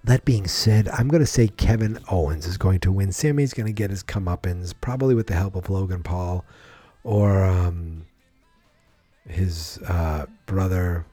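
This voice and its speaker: A man's voice: sits low, measured pace, warm tone, no echo, soft background music. A man giving a rambling, frank solo commentary on wrestling, swearing freely and thinking aloud. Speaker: wrestling podcaster.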